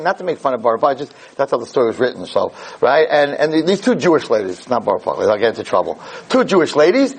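A man giving a Jewish lecture, telling a story in an animated, digressive way. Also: on the high side, slightly rough, rough recording.

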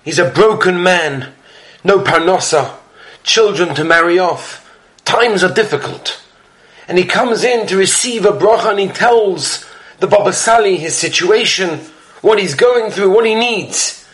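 A man's voice: sits high, animated, unhurried, fairly bright tone. A man giving a weekly Torah talk as a sermon, earnest and emphatic, with rhythmic storytelling.

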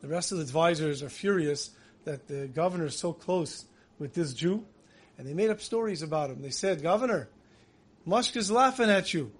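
A man giving a Tisha B'Av style sermon, telling a parable and acting out the dialogue, then slowly chanting lament verses. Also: a little high, a little mellow, slightly rough. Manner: storytelling, acts out dialogue in voices. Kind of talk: sermon with storytelling.

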